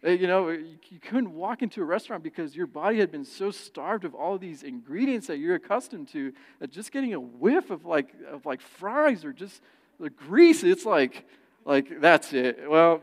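A man preaching a sermon who tells personal stories in an animated way and acts out the quoted voices. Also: fairly high pitch, normal speed. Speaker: pastor. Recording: long church reverb.

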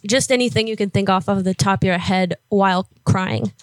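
A woman's voice: mid-range voice, a little fast, no echo. Woman, interviewer, casual, filler-heavy, dry close sound. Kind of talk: phone interview.

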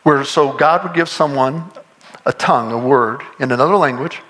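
A man preaching a sermon as pastor, in a conversational, animated way, acting out imagined voices. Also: mid-range voice, moderate pace.

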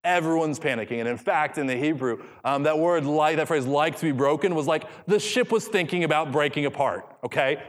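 A man's voice: on the high side, a little fast, few pauses. A man preaching an expository sermon, reading scripture aloud and repeating key phrases for emphasis. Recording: long hall reverb.

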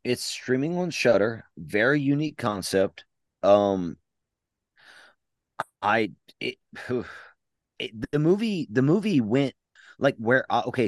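A man with a fairly low voice, talking bluntly in casual movie-review chat on a podcast. He rambles and restarts his sentences. The sound is dry and close, with no room around it. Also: no echo. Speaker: podcast co-host.

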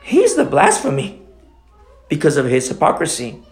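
A man preaching an expository sermon in a blunt, impassioned way, dropping to a hush and then rising to loud outbursts. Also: on the high side, expressive, normal speed, gravelly. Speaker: pastor.

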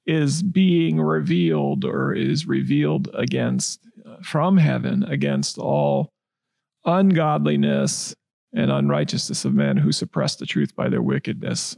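A man co-hosting a faith podcast, reading a verse aloud and then explaining it in a relaxed, conversational way. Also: on the high side, vocal fry, dry recording, clean studio sound. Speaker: podcast co-host. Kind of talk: casual bible discussion.

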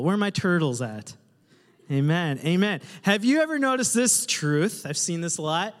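A male pastor with a high voice delivers an animated, joking sermon and keeps asking the congregation questions. His voice rings out with a long reverb, as if carried through a church hall. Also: normal speed.

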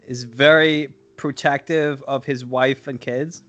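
A man's voice: mid-range voice, steady tone, slow, a bit bright, no echo, lo-fi sound. A man co-hosting a casual podcast, rambling through an improvised story, swearing and laughing at his own jokes. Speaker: podcast co-host.

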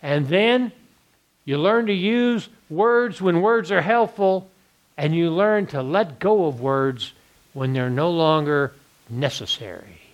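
A man's voice: a little high, takes it slowly. A man with a Texan accent teaching a church Bible class, posing rhetorical questions and answering them himself.

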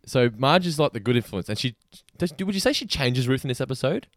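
Fast-talking Australian man co-hosting. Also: mid-range voice, animated, no room sound, clean studio sound. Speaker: podcast co-host. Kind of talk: casual chat.

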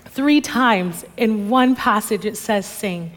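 A female pastor reading scripture verses in a measured way during a church sermon. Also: medium pitch. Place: church sanctuary on stage. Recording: long reverb of a large hall.

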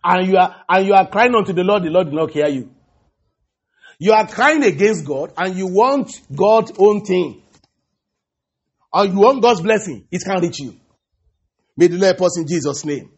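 A man preaches a sermon in a high, husky voice, halting and circling back over his words. He calls out hallelujah and praise the Lord between thoughts. The recording sounds dull and lo-fi. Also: lively intonation.

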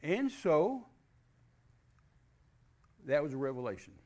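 An older man, a preacher, telling a personal testimony in a lively storytelling way and acting out the dialogue he quotes. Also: fairly high pitch, takes it slowly. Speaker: guest preacher.

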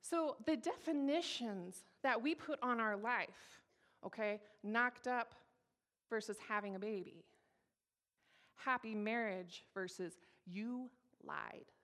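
Speaking slowly in a slightly bright voice on the high side, a Colorado woman in her thirties tells an audience her personal testimony. Her delivery is frank and emphatic, and she returns again and again to her key phrases.

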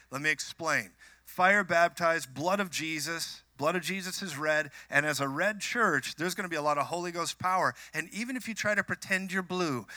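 Bright, lively man preaching. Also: on the high side, no room sound. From Minnesota. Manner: animated storyteller, joking asides to the crowd. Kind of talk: sermon with personal stories. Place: church.

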